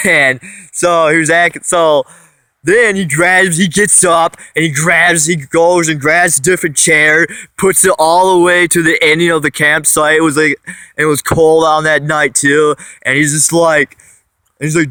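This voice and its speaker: Guy rambling thru a funny story on his phone vlog, bright clear voice, dry sound. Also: fairly high pitch, moderate pace, no echo. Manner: rambling, many restarts. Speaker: vlogger.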